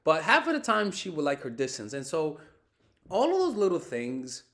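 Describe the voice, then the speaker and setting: A man's voice: a little high, moderate pace. A young man giving casual dating advice in a monologue, swearing often and repeating himself as he talks. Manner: animated, swears often, repeats and restarts words. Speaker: dating coach.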